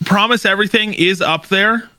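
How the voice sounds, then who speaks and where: A man's voice: high voice, normal speed, bright, forceful tone, no room sound. A man co-hosting a podcast in casual chat, playful and keen on music, breaking into sung snippets. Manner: playful, sings snippets, enthusiastic about bands. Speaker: podcast co-host.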